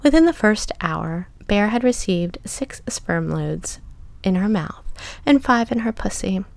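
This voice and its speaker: A woman narrating a story in a soft, measured reading that often drops to a whisper. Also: mid-range voice, animated, gravelly, dry recording.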